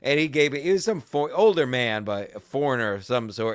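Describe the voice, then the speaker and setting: A man's voice: mid-range voice, a little fast, few pauses, no room sound, studio quality. A man hosting a podcast, telling a story in a crude, combative and profane rant. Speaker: podcast host. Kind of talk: casual ranting chat.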